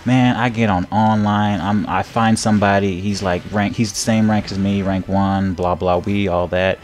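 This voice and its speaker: A young man giving casual, rambling commentary while playing a game, repeating words, laughing often and getting loud when he takes hits. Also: fairly low pitch, steady tone, moderate pace, a little hiss or hum. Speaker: gameplay streamer. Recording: faint game music behind.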